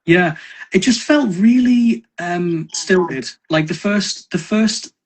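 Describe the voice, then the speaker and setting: A man from North East England, a podcast guest chatting casually and rambling with many pauses and restarts. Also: sits high. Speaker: podcast guest, miniature painter.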